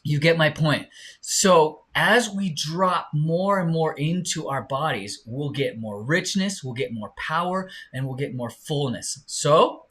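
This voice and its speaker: A man's voice: a little high, animated, a bit bright. A man teaching a live online singing lesson, encouraging his students and showing them by singing. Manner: encouraging, slow and drawn-out, demonstrates by singing.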